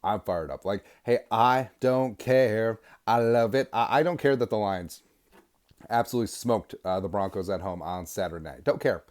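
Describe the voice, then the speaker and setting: A man hosting a sports podcast, delivering an energetic, sarcastic fan rant. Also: fairly low pitch, brisk. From Minnesota. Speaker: podcast host.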